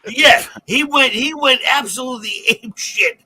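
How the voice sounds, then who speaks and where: Husky, bright-voiced comedian co-host. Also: male voice, extremely high pitch, moderate pace. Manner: rambling, repeats himself, profane. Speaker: podcast co-host. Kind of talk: crude comedic banter.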